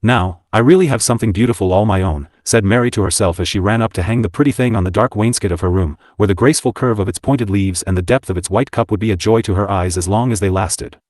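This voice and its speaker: A man narrating a classic novel as an audiobook, in even, unhurried storytelling. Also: on the low side, no echo, studio quality.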